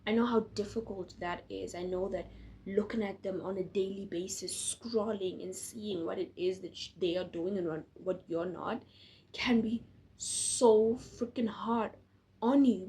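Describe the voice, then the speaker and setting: A woman's voice: mid-range voice, steady tone, measured pace, mellow, a little hiss or hum. A tired young woman talking casually to camera as a faith vlogger, earnest and encouraging, with frequent restarts. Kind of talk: casual direct-to-camera talk.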